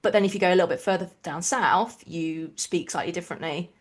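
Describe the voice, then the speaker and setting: An English woman from the East Midlands co-hosts a rugby podcast. She speaks with a fairly neutral accent in an opinionated, lively way, and her voice sits slightly low. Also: breathy edge. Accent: neutral English with a mixed regional touch. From England, East Midlands. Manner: opinionated, animated, quick asides. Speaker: podcast co-host. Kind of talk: casual chat.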